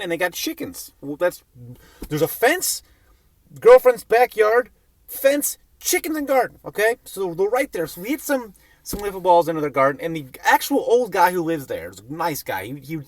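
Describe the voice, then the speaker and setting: A man's voice: high voice, no echo. A young man telling a funny personal story in a rambling, profane, self-mocking way. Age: young adult.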